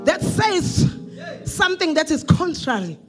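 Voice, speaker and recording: A man preaching a sermon with impassioned shouting, chanted repetition and slow emphatic delivery. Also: very high-pitched, sing-song, soft background music.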